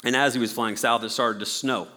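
A man's voice: mid-range voice, fairly even intonation, brisk, pushed and bright, in a large hall. A man preaching a sermon as a pastor, telling a story with playful acted-out voices.

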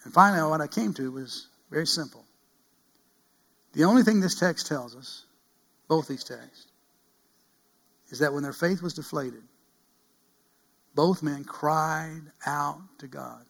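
Man, middle-aged pastor, sermon, earnest, loud then hushed, fairly high pitch. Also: slow pace, vocal fry, pauses often. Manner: earnest preaching that swings from loud cries to hushed pleading.

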